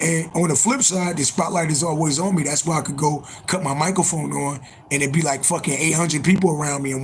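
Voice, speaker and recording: A man's voice: a little high, slight background noise, low-quality recording. A man hosting a casual livestream for viewers, swearing often, repeating himself for emphasis, with a strained voice, street sirens and horns nearby. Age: adult, born in January. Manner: profane, repetitive, emphatic. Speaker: livestream host, spiritual reader.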